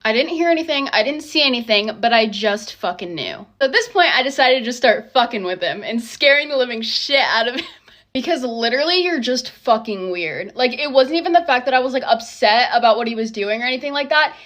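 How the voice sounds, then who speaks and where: A young woman with a high, bright, sharp-edged voice tells a casual storytime. She is blunt and sarcastic and swears freely. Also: animated, fairly quick. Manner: blunt and heavily profane, sarcastic.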